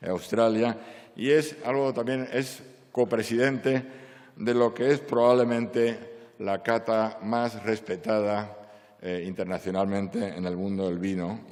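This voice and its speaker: A man giving a courteous, measured introduction of a guest speaker at a conference. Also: on the low side, fairly even intonation, darkish tone. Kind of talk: formal introduction speech. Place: conference hall. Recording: long reverb of a large hall.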